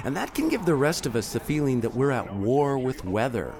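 A man's voice: mid-range voice, sing-song, a little fast. A man reading his own radio commentary in a wry, storytelling way. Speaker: radio essayist.

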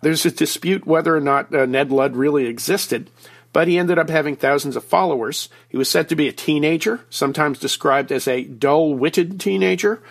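A man's voice: a little high, moderate pace, vocal fry. A man who is a regular guest commentator on a radio show, explaining news items over a phone line in a folksy, joking way. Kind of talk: conversational explainer.

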